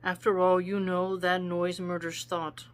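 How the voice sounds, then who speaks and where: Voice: mid-range voice, monotone, unhurried, clean tone, lightly acted. Life, read by a plain-voiced reader. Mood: coaxing. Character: Life, personified as a teasing woman. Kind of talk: read-aloud quotation.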